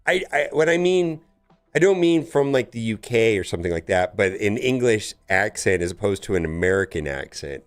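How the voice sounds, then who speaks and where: A man streaming a mobile game, chatting casually with viewers in a rambling, stammering way that bursts into loud exclamations. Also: mid-range voice, sing-song, fairly quick, soft background music.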